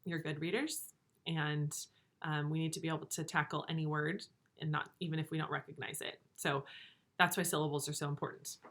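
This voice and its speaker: A woman teacher giving a remote reading lesson to young pupils, slow and clear, encouraging. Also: low voice, little pitch movement, fairly bright tone. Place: home room with a whiteboard.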